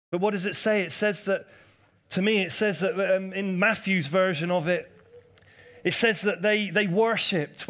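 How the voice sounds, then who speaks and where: A man's high, fairly bright voice carries a live church sermon. The pastor speaks directly to his congregation, repeating key phrases for emphasis, prompting responses, and teasing people seated in the pews.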